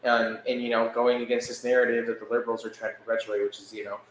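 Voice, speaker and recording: Man, podcast co-host, casual storytelling, animated, laughs, echoey room. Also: medium pitch, quick pace, a little hiss or hum. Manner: animated, laughing, acts out quotes. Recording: echoey room with faint ambience.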